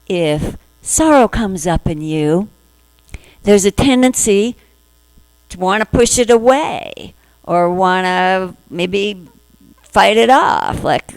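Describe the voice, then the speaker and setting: A woman minister giving a spiritual talk to her congregation, gentle, acting out inner voices in little quoted asides. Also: mid-range voice, expressive, slow pace, no room sound, rough recording.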